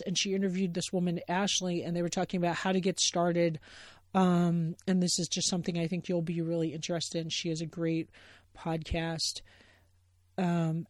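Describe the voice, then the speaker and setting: A woman's voice: fairly low pitch, a little mellow, dry recording, studio quality. A woman hosting her own podcast, talking alone in a rambling, enthusiastic way with many fillers and restarts. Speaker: podcast host. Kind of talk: casual solo podcast talk.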